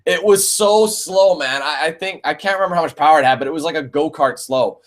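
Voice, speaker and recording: A young Canadian man with a Canadian accent chats through viewer questions on his gaming stream. His voice sits slightly high. He is laid-back and swears freely, calling people man and bro. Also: fast talker, fairly bright tone. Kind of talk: casual live-stream Q&A.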